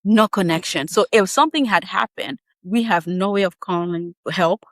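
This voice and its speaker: Animated woman telling a story. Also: mid-range voice, no room sound. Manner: animated, laughing, quick asides. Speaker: podcast guest. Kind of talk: casual storytelling.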